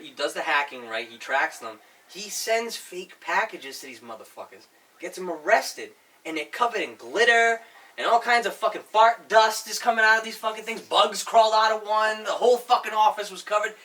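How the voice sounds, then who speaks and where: High, animated New England man. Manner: animated, profane ranting. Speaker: podcast host. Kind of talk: casual chat. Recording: distant mic, faint noise.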